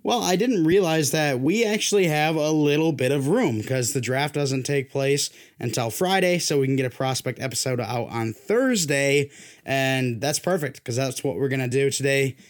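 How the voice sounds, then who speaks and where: A man's voice: mid-range voice, normal speed. A young man hosting a casual sports podcast, his voice worn down, joking loosely and pushing himself to sound hyped. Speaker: podcast host.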